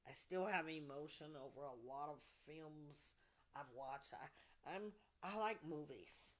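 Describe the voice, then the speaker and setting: A woman with a low voice leads a group session at an unhurried pace. Her delivery is soft and deliberate, and her phrases often fade to a breathy near-whisper. She sounds calm and reflective. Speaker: podcast host leading a support group.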